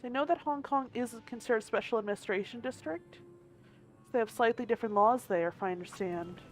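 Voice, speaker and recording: A woman's voice: fairly high pitch, a little fast. A woman game streamer chatting casually, thinking aloud and hedging as she goes, with the odd hiccup. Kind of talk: casual live-stream chat.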